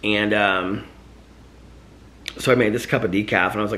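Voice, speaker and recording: A man talks through his day in a loose, rambling vlog, full of fillers and restarts. His voice sits on the low side but sounds bright and forward. A slight lisp shows up now and then because his mouth is sore. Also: steady tone, moderate pace, slight background noise. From United States. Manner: rambling, chatty, filler-heavy. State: sore mouth after tooth removal. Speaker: vlogger. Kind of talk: casual daily vlog chat.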